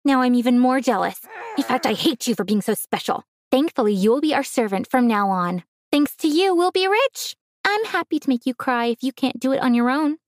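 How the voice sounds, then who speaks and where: A woman's voice: fairly high pitch, expressive, brisk, hardly any pauses, no room sound, clean studio sound, lightly acted. A woman voicing a jealous, mocking teenage girl cousin in a storybook reading. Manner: mocking and spiteful.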